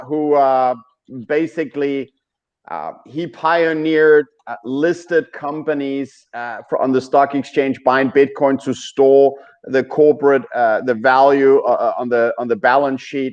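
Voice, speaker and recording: A man co-hosting a podcast in casual chat, halting, with many fillers. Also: mid-range voice. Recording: muffled lo-fi audio.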